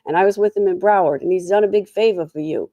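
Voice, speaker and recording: A woman's voice: medium pitch, fast talker, dark tone, no echo, lo-fi sound. A tired woman with a sore throat hosting a casual trial recap, full of snarky, sarcastic asides. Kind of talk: casual commentary.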